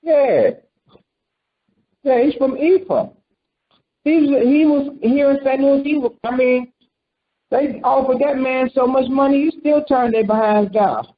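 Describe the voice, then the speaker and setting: A man's voice: extremely high pitch, unhurried, pauses often. A man preaching a conversational sermon, quizzing his listeners and acting out quotes. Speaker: preacher teaching a congregation. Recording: dull lo-fi recording.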